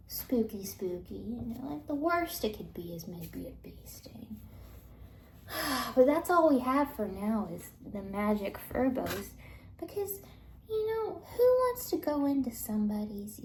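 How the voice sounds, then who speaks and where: Slow, gravelly woman rambling to camera. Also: medium pitch, a little hiss or hum. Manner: rambling, many fillers, drifts into soft whispers. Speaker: vlogger. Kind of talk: casual monologue. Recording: echoey recording.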